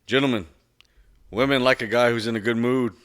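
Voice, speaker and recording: A man's voice: mid-range voice, fairly even intonation, fairly quick, fairly bright tone, smooth. A man co-hosting a podcast, bantering in a crude, upbeat, joking way. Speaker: podcast co-host. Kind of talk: casual chat.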